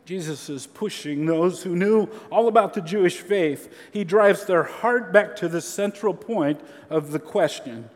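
A man preaching a sermon as a pastor, earnest and measured, with slow emphatic pauses. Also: high-pitched. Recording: long hall reverb.

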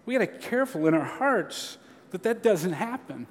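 A man preaching a sermon as a pastor, earnest and measured, with slow emphatic pauses. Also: high-pitched, sing-song. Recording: long hall reverb.

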